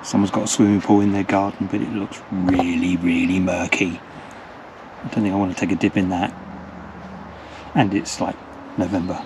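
A man's voice: deep voice, level tone, moderate pace, pauses often. A man narrating a casual walking vlog through a village, chatty and rambling, repeating his words. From England. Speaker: travel vlogger. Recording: outdoor recording with clear traffic noise.

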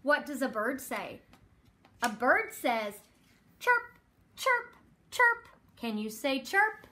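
Female developmental therapist at home, reading to a toddler; high, slow, very animated delivery. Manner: slow, exaggerated, prompting questions. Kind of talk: reading a picture book aloud to a toddler.

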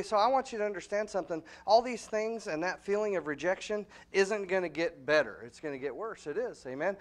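A man with a high voice preaches a sermon, his delivery swinging from hushed asides to loud, emphatic peaks. He keeps checking in with the congregation through repeated questions and calls of "amen.". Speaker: pastor.

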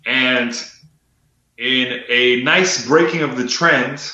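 Man, casual podcast co-host, jokey, bright forceful tone, echoey dull room. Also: mid-range voice, slow. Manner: laughs often, jokey asides. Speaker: co-host reading predictions.

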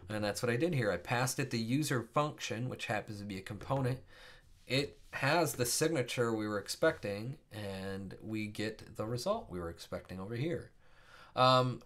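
A man's voice: mid-range voice, fairly bright tone. A man teaching a casual coding screencast, thinking aloud with many fillers and self-corrections. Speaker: programming instructor.

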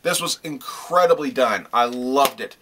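A man's voice: mid-range voice, animated, unhurried, bright, forceful tone, slight background noise. A man reviewing comic books in a casual video, gushing with praise and swearing freely as he talks. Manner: gushing praise, repeats himself.

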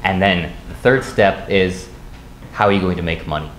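Deep-voiced man lecturing in an echoey room. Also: moderate pace, fairly bright tone. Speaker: business school instructor. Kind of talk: recorded lecture. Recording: echoey room, faint noise.

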